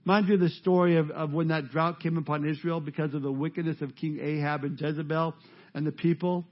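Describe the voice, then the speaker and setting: Emphatic high-voiced preacher, muffled audio. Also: male voice, fairly even intonation, brisk. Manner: emphatic, rising to loud peaks. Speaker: pastor. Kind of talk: sermon.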